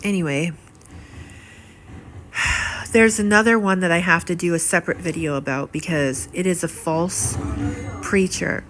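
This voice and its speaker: A woman's voice: lowish voice, unhurried, long pauses. Indignant middle-aged woman vlogging. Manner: indignant, rambling, with many fillers and repeated words. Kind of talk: casual monologue to camera. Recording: steady audible background noise.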